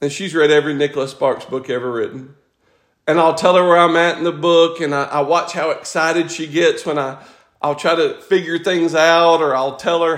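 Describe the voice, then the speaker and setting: High-voiced man preaching in an echoey room. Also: steady tone. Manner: repetitive, builds up to emphatic drawn-out phrases. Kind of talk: sermon.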